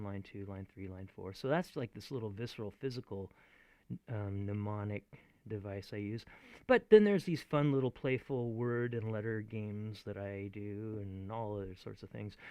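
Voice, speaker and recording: Man, acting teacher, chatty and animated, mid-pitched, dry close sound. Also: dry recording. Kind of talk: video lesson.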